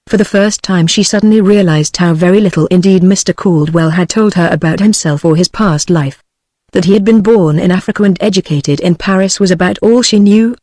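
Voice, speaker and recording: A text-to-speech woman's voice with a British accent, reading a novel aloud in a steady, even way. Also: lowish voice, dry recording. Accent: British English. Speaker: audiobook narrator.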